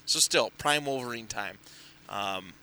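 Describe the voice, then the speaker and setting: Male co-host, casual and chatty, bright forward voice, lots of ums and restarts. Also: mid-range voice, unhurried, a little hiss or hum. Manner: rambling, filler-heavy recap with frequent restarts. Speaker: podcast co-host reviewing comics. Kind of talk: casual chat.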